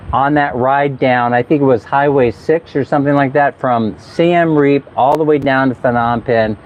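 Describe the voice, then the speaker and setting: A man talking casually in a travel vlog, chatty and laughing often as he tells stories. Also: mid-range voice. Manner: chatty, laughs often, mimics people for fun. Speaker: travel vlogger. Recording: slightly dull outdoor recording.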